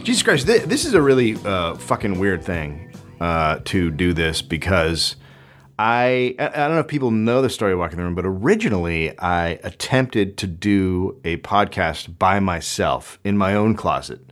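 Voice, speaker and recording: Solo male podcast host, crude sarcastic rambler, lowish voice, big swooping inflection. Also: big pitch swings, moderate pace, soft background music. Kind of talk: solo comedic monologue. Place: home closet studio. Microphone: studio microphone.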